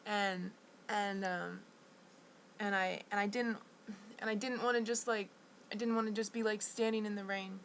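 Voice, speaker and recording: A woman's voice: medium pitch, fairly even intonation, fairly bright tone, a little hiss or hum, low-quality recording. A woman rambles through a personal story in a vlog. Her voice sits in an ordinary middle range, and she stops and restarts often. The delivery is indignant and restless throughout. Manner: halting and restless, with many restarts and fillers. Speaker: vlogger.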